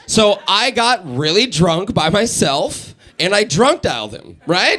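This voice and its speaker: A man's voice: high-pitched, a little fast, hardly any pauses. A young man, a radio host, doing a live stand-up set in a studio, telling stories and acting out the people in them. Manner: animated storytelling, acts out characters, laughs a lot. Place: live studio in front of a small audience.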